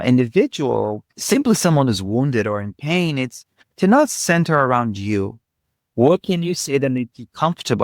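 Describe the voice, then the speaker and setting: A man's voice: on the high side, no echo, studio quality. A man speaking as a spiritual teacher in an interview, reflective and searching for words, then emphatic. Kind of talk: conversational interview.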